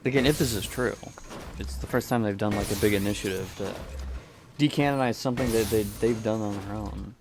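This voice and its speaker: With a voice on the low side and a fairly quick pace, a man chats casually as he plays a game, with background noise around him. This gaming video creator rambles and hesitates, frequently starting his sentences over.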